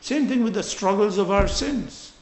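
A man preaching an earnest, urgent sermon, swinging between loud emphasis and quiet drops. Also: sits high, normal speed, echoey room, a little hiss or hum. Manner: earnest, urgent exhortation with scripture quotations.

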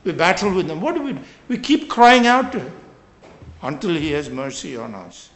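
A man preaching an earnest, urgent sermon, swinging between loud emphasis and quiet drops. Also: a little high, sing-song, normal speed, vocal fry, roomy sound, a little hiss or hum. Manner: earnest, urgent exhortation with scripture quotations.

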